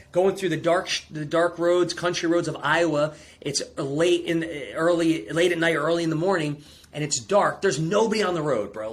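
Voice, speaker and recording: A man who is a performance coach, telling a personal story with intense, rising emotion as a podcast guest. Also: fairly high pitch. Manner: intense, rising to near-shouting peaks, calls listener bro.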